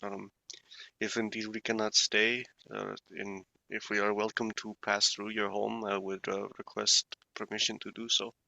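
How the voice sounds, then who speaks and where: A male player speaks in character with a gravelly, bright, low-set voice. He is formal and courteous, often hesitating mid-sentence, and he sounds dry and close to the mic. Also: level tone, normal speed, no echo, highs cut off. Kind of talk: in-character tabletop role-play.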